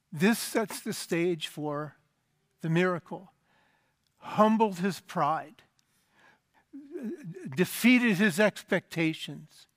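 Man preaching, high voice, emphatic, trails off quietly at phrase ends, dry close sound. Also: no echo. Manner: expository, emphatic, drops to a low quiet voice at the end of phrases. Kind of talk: sermon.

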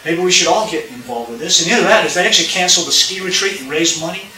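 A man's voice: fairly high pitch, rapid-fire. A man preaching a sermon, telling a story and acting out its dialogue to the congregation. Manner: animated, acts out dialogue, addresses congregation. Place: church sanctuary. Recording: roomy sound from a distant mic.

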